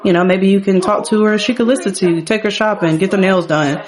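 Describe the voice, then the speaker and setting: A protective middle-aged game dad, voiced by a woman, firm about his daughters but warm in a laid-back, plain-spoken way. His voice stays near the performer's everyday register. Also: mid-range voice, fairly even intonation, a little fast, natural voice. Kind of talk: voicing game characters.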